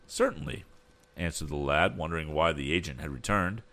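A man narrating an audiobook in a steady, expressive storytelling manner. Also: extremely low pitch, fairly quick. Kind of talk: scripted narration.

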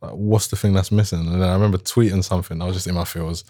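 A young man speaks in a very deep, low voice, thoughtful and unhurried in his reflections. He chats casually as an interview guest, often reaching for "like" as he thinks. The sound is close and dry, with no room around it. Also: steady tone, mellow, dry recording. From South London, England. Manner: reflective, thoughtful, lots of "like" fillers. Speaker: musician guest.

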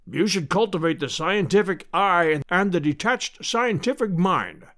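A man voicing a booming, pedantic older male professor who lectures in a pompous way. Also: animated, unhurried, fairly bright tone. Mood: lecturing.

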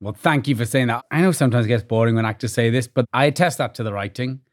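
A Welsh-accented guest actor from Wales tells casual anecdotes with animation, acting out snippets of dialogue from the exchanges he describes. He speaks quickly at a medium pitch.

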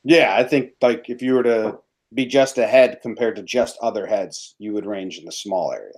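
A man's voice: lowish voice, normal speed, a little mellow. A man in casual podcast chat, teasing his co-host with dry remarks.

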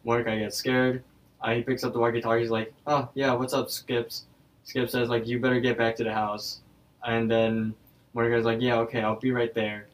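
A man's voice: mid-range voice, little pitch movement, fairly quick, far from the mic, rough recording. A young man co-hosting a podcast, casually retelling a cartoon episode and often restarting his sentences. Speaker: podcast co-host. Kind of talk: casual episode recap chat.

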